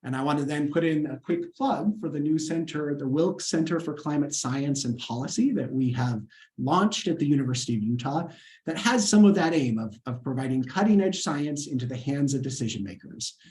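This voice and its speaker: A man's voice: fairly high pitch, expressive, fairly quick, a little mellow. A man, a scientist, giving an earnest lecture over a video call webinar and answering questions, with frequent fillers and restarts.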